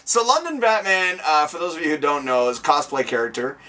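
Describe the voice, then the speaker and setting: A man's voice: a little high, expressive, brisk, pushed and bright, a little hiss or hum. A man hosting a casual interview show. He teases his guest and laughs often. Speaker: host. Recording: distant mic, breathy room sound.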